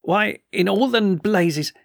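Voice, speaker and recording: A man reading aloud voices a blunt old army colonel who speaks gruffly and stammers when worked up. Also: on the high side, animated, fairly quick, no echo, studio quality, full character voice.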